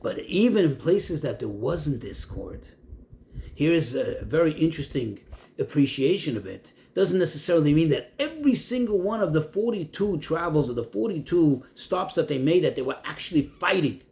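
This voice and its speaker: Rabbi giving a Torah class, man a high voice and a lively pitch swinging up and down, who asks questions and then explains. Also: moderate pace. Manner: poses questions then answers them, reads Hebrew phrases and translates. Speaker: rabbi teaching a text class.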